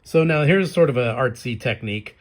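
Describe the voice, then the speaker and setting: A man's voice: medium pitch, animated, a little fast. A man casually commenting on his own comic, chatty and prone to laughing as he explains it. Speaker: comic artist and creator.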